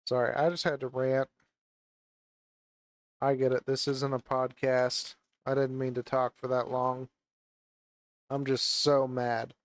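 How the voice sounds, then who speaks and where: As a gaming vlogger, this man rants and curses angrily about a game while playing with a VR headset on, using a gaming mic. His mid-range voice is clear and resonant, and the recording is dry.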